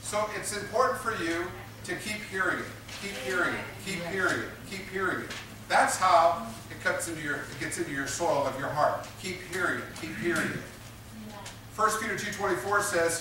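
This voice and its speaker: A man's voice: sits high, moderate pace, background noise. A man preaching a sermon, emphatic and repetitive, drawing responses from his congregation. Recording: echoey room picked up from a distance.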